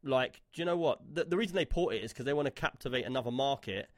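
A man's voice: mid-range voice, lively intonation, quick pace, dry recording, clean studio sound. A man co-hosting a casual gaming podcast, chatty and given to telling stories and reading out chat comments. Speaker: podcast co-host.

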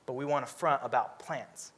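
A man preaching a sermon, lively and humorous, acting out characters with comic voices. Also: mid-range voice, moderate pace, slightly rough.

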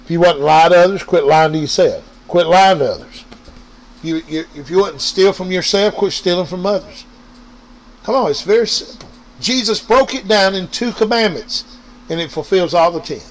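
A man delivers an informal sermon over a radio or podcast mic. His voice sits a little high, and he keeps turning to his listeners, driving each point home by repeating it. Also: normal speed, low-quality recording. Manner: preachy, repetitive, addresses listeners directly. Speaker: preacher. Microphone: online radio or podcast mic.

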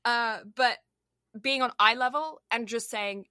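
A woman's voice: a little high, measured pace, bright, forceful tone, clear, resonant tone, dry recording, studio quality. A young Canadian woman co-hosting a podcast, chatting casually and rambling with lots of "like" and "um". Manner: rambling, heavy on "like" and "um". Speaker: podcast co-host. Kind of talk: casual chat.

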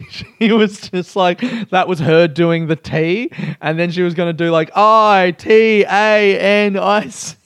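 A young man chats alone into a close podcast mic, rambling from one story to the next and swearing as he goes. His voice is smooth and a little high for a man. The sound is dry, with no room around it. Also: no echo. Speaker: comedian and podcast host. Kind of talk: casual solo podcast chat.

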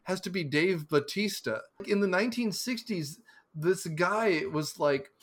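A man's voice: high-pitched, expressive, unhurried. Rambling man co-hosting a podcast. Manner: rambling, digressive, joking. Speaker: podcast co-host. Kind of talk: casual chat.

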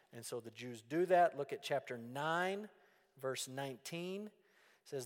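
A pastor giving a folksy, animated sermon. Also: male voice, medium pitch, unhurried. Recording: long reverb in a church hall.

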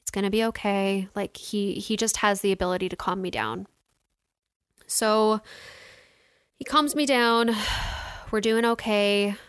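A woman's voice: mid-range voice, slow, long pauses, a bit bright, smooth, no echo, studio quality. A young woman telling a personal story to her viewers in a casual, chatty way, full of "like" and "you know", emotional, with her throat getting sore. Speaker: vlogger.

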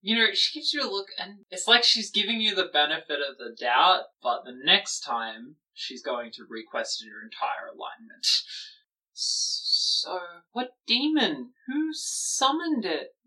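A game master narrating a tabletop game with slow, descriptive storytelling. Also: medium pitch, lively intonation, pushed and bright, distant mic, poor audio.

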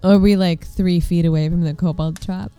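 A woman's voice: on the low side, fairly even intonation, normal speed, mellow, faint music behind. A woman making sarcastic jokes as a player in a tabletop game. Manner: sarcastic, joking. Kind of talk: casual tabletop game banter.

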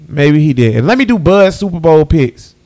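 A man's voice: fairly high pitch, very animated, moderate pace, a little mellow. A man hosting a podcast, chatting loosely through football season picks and addressing listeners as y'all. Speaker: podcast host. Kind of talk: casual sports picks chat.

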